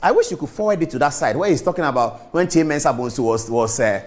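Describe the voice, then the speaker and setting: A man's voice: big pitch swings, fast talker. A man with a Ghanaian accent hosting a morning show, delivering emphatic, repetitive opinion commentary. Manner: emphatic, repetitive scolding, big pitch swings.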